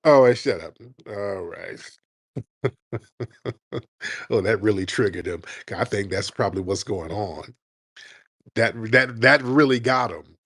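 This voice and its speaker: A man's voice: fairly low pitch, slow, pauses often, a bit bright, husky, dry recording. Male stream host, crude teasing, laughs a lot, dry sound. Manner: crude taunting, laughing often. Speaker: host of a live call-in roundtable. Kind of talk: live stream roundtable banter.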